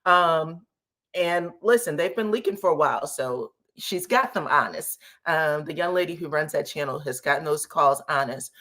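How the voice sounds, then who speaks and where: A woman with a slightly low voice hosts a relaxed livestream chat. She greets viewers by name and says y'all in an easy, talkative way. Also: normal speed. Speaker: YouTube commentary host.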